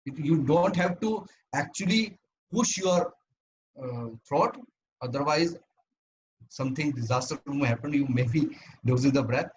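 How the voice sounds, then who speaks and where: A man's voice: on the high side, measured pace, highs cut off. Man, club speaker, instructive and earnest delivery, faint noise in the background. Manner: earnest, instructive, paced in numbered steps. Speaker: club speaker giving a talk. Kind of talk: prepared talk on voice training.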